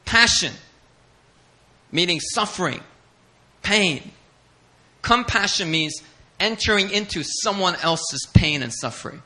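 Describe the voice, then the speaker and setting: A male pastor preaching with a bright, sharp, ringing voice. He speaks higher than most men and drives his points home with repetition. His delivery swells with fervor as he builds. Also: expressive, slow. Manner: passionate, emphatic, building intensity with repetition. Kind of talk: sermon.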